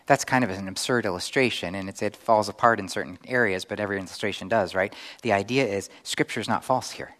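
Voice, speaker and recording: Animated male preacher. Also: on the low side, quick pace, hardly any pauses. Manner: conversational preaching with animated acted-out asides. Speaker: pastor. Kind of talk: sermon.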